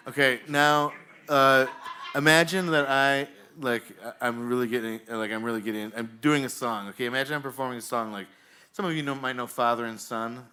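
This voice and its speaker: A man with a bright, forceful voice hosts a live comedy show from a bar stage, speaking into a handheld mic. His talk rambles and stalls on fillers as he jokes with the crowd and coaxes reactions from them. His pitch sits in an ordinary middle range. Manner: rambling, halting, jokey, with many fillers. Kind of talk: live comedy, directing the audience.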